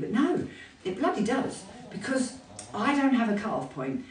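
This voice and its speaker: A woman's voice: mid-range voice, fairly quick. Chatty woman in her fifties. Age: 50s. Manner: chatty, candid and animated. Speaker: fitness instructor. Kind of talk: casual talk to camera. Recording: roomy, voice from a distance.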